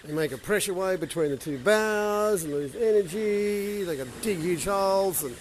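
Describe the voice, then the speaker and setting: Touring the shipyard outdoors, this older boat-building vlogger jokes around and swears without restraint. He speaks at normal speed in a high-pitched, animated voice, with a little background noise.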